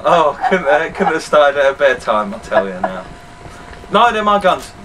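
A young man hosting casual let's-play commentary, joking and swearing in loud outbursts while he games. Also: on the high side, very animated, normal speed. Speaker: gaming channel host. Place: room at home, recording while gaming. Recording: distant mic with faint noise.

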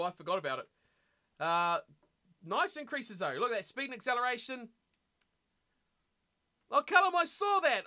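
Young NZ male streamer, very high, crisp voice, excitable live commentary. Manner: chatty, excitable outbursts, frequent laughs. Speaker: game streamer. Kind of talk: live gameplay commentary and chat with viewers.

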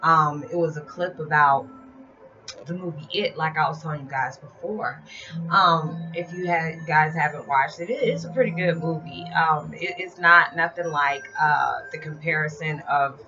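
A woman's voice: sits low, normal speed. A woman talking casually and confidingly to her channel about spiritual matters, in a rambling, heartfelt way. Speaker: vlogger. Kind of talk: casual spiritual vlog talk. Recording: slightly dull lo-fi sound with music behind. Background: music.

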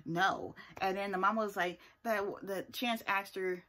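Here a woman's medium-pitched, slightly bright voice stays fairly even in intonation and unhurried. Reviewing a reality TV episode, she recaps it casually and sassily, driving points home with emphatic asides and a frequent "okay?"

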